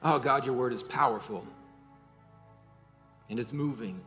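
A man's voice: mid-range voice, unhurried, a bit bright, long reverb tail, soft background music. A man preaching a sermon and leading a closing prayer, impassioned, with rising and falling emphasis and repeated words. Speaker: pastor.

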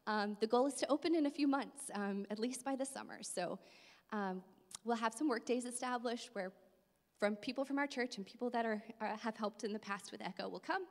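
A woman's voice: on the high side, brisk. A woman, a little out of breath, presenting a ministry project to a church congregation in a friendly, informal way with many ums. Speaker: ministry director. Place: church sanctuary. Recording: church hall reverb.

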